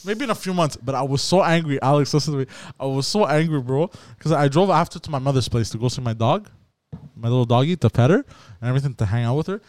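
A man telling a story in casual podcast chat, animated, swearing, and saying bro a lot. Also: mid-range voice, fast, no echo.

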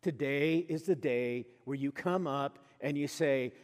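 A pastor delivering a sermon in a slightly high male voice, talking to his congregation in an earnest, conversational way. He drops to quiet asides, then builds to loud, emphatic declarations. The sound rings with the long reverb of a church hall. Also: unhurried, few pauses. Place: church sanctuary.

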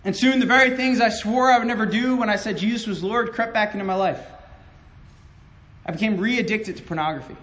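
Young male preacher, high voice, passionate testimony with stumbling restarts, swings from loud to quiet. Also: fairly quick, poor audio. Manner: impassioned, stammering restarts, swings from loud to hushed. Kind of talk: sermon testimony.

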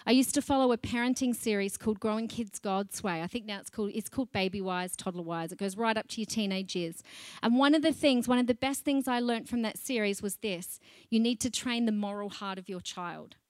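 A middle-aged woman pastor, preaching a sermon in a chatty, lively way and laughing between points. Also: mid-range voice, a little fast, dry recording.

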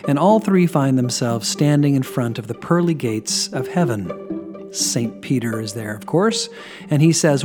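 A man preaching a sermon in a relaxed, conversational storytelling way, reflective and questioning. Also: mid-range voice, a little slow, over music.

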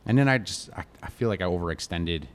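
A middle-aged American man from Connecticut, a chef telling stories in a relaxed interview, rambling and full of fillers like "like" and "you know". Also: sits low, fast talker. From Connecticut, USA. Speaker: chef, guest. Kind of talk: casual storytelling interview.

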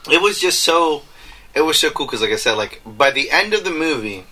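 A man's voice: on the high side, animated, fairly quick, pushed and bright, rough recording. A man co-hosting a casual movie podcast, rambling with lots of fillers and frequent laughter. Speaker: podcast co-host. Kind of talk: casual chat.

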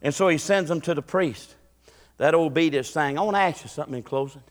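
A man preaching a folksy sermon as pastor, building into excited preaching and acting out voices. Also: on the high side, fast talker, in a large hall. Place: church sanctuary.

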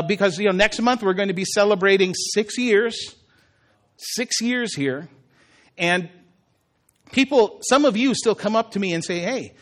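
Animated high-voiced male pastor preaching. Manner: animated, swings from soft to emphatic. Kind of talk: sermon. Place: church.

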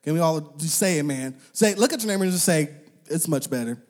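A young man preaching a relaxed, chatty sermon full of slang and fillers. His voice sits a little high for a man. He acts out the voices of the people in his stories. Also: quick pace. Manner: conversational, uses slang and filler words; animated, acts out quoted voices. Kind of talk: casual sermon.

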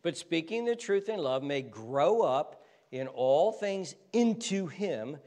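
Pastor guy preaching, kinda high voice, spells words out then gets fired up, long echo like a big hall. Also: very animated, takes it slowly, warm tone. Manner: teaching, spells words letter by letter, builds to fervent emphasis. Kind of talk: sermon. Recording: reverberant hall.

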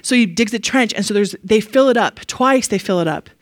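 A woman giving a casual, animated Bible lesson. She is chatty, laughs often and leans on fillers. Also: mid-range voice, fairly quick, no echo. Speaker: Bible teacher.

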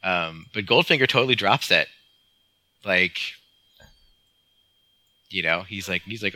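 A man's voice: low voice, lively intonation, a little slow, long pauses, sharp tone, no echo, low-quality recording. A man co-hosting a casual film podcast, rambling and amused, with many fillers. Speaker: podcast co-host.

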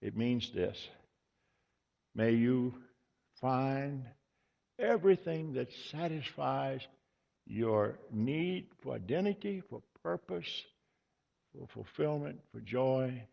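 A man preaching a sermon as pastor, earnest and measured, repeating key words for emphasis. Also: medium pitch, lively intonation, vocal fry. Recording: dull lo-fi sound with long hall reverb.

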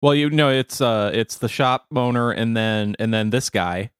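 A man's voice: medium pitch, moderate pace, a bit bright, clean tone, no echo, clean studio sound. A man co-hosting a podcast in casual chat, laughing often and slipping into mock accents when he quotes. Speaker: podcast co-host.

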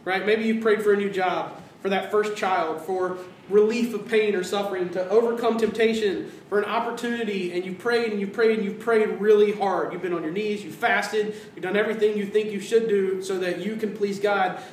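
Animated high-voiced preacher in a roomy hall. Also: male voice, moderate pace, few pauses, slight background noise. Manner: animated preaching, acts out quoted voices, drops to hushed tones. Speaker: pastor. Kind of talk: sermon. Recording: roomy sound from a distance.

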